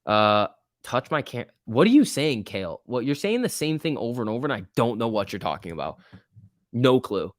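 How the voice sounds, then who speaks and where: A man's voice: medium pitch, sing-song, moderate pace, dry recording, studio quality. A young man hosting a casual stock-market live stream, reading viewer comments aloud and cheering the chart on. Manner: chatty, reacts to chat and price moves, cheering the chart on. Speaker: stock market livestream host.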